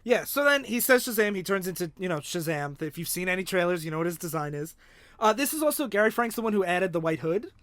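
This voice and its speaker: A man co-hosting a podcast in a laid-back, casual chat, dropping his voice low when quoting. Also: expressive, quick pace, a bit bright, dry recording. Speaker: podcast co-host.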